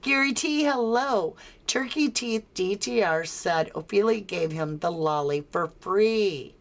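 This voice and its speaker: Slow-talking American woman hosting a livestream. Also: mid-range voice, lively intonation. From United States. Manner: reads viewer comments aloud and answers them, chuckling often. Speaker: true crime livestream host. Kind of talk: casual livestream chat.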